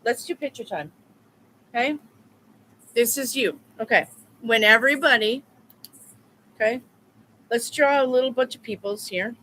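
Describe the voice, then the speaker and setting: A woman's voice: on the high side, normal speed, long pauses, bright, forceful tone, a little hiss or hum. A woman tarot reader talking live to her viewers in a blunt, repetitive, profane way. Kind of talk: live-stream chat with viewers.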